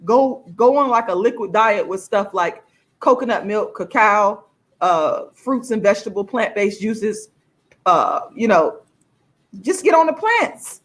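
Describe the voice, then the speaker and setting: A woman chats to her viewers in a casual vlog, her voice sitting at an ordinary middle pitch. She talks emphatically and often calls out to the audience. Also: lively intonation, unhurried. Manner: chatty, emphatic, addresses viewers as y'all. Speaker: vlogger.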